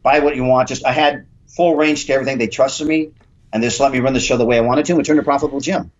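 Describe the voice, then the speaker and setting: A man's voice: medium pitch, fairly even intonation, rapid-fire, dull audio. A gym owner and trainer in his fifties, talking bluntly and rambling with a lot of swearing in a casual interview. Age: 50s. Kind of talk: casual podcast interview talk.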